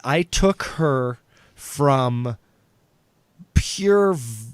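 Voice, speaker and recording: A man's voice: mid-range voice, animated, extremely slow, clear, resonant tone, no room sound. A man, a guest on a talk show, telling crude stories in casual chat with laughter, profanity and many restarts.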